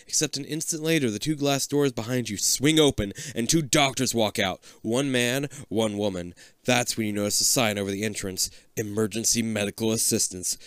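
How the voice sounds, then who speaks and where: A man's voice: moderate pace, few pauses, smooth, no echo, clean studio sound. A man reading a choose-your-path book aloud for laughs, with casual swearing and jumpy put-on voices for the characters. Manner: lively, swings into squeaky put-on voices for quotes. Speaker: reader and co-host.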